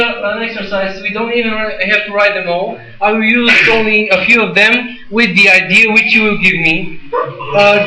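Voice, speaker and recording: A man teaching a classroom of students, talking in a halting way with restarts and asides to the class. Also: high-pitched, low-quality recording. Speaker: teacher giving a presentation. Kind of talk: classroom lecture.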